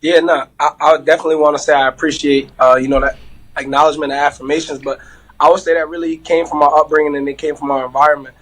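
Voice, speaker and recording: Steady young man from Connecticut. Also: fairly high pitch, quick pace, poor audio. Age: young adult. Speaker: gym owner, guest.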